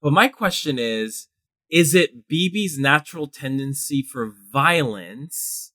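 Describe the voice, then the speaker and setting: Animated man co-hosting a podcast. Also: mid-range voice, takes it slowly, dry recording, clean studio sound. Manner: animated, reads film trivia aloud excitedly. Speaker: guest co-host. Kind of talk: casual podcast chat.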